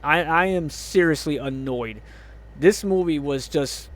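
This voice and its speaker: With no echo, a man with a fairly high voice delivers an angry movie review rant at a measured pace. The reviewer swears heavily, groans with exasperation, and breaks into incredulous laughter.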